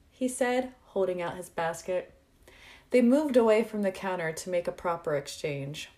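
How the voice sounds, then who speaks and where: A woman reading a fan fiction story aloud in a measured, unhurried narration. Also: fairly low pitch, expressive, darkish tone. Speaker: story reader.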